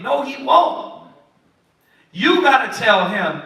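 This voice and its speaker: A man preaches in a high, bright voice, animated and pointed, acting out little quotes. The mic sits some way off, so he is heard from a distance in a very echoey room. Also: takes it slowly, long pauses. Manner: animated, preachy, acts out quotes of kids and parents. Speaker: Bible study teacher. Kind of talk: sermon-style teaching.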